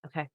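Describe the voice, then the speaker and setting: Relaxed woman playing a tabletop game. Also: no echo. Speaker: player. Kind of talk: casual tabletop game play.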